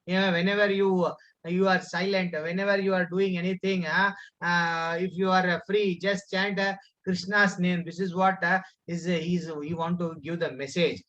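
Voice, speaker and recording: A man with an Indian English accent leads a children's class over a video call. His voice sits a little high for a man, and the sound is muffled and lo-fi. He pauses often on fillers and restarts while he tells the story. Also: flat delivery, a bit bright. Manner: many fillers and restarts, calls on pupils by name. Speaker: teacher of a children's scripture class. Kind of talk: online class teaching and storytelling. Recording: muffled online call audio.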